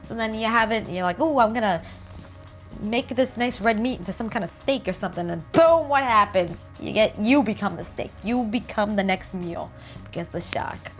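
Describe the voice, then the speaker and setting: Soft music plays in the background as a chatty host with a New Jersey accent reads about game art, joking and riffing casually. She speaks at a moderate pace with a medium-pitched, expressive voice.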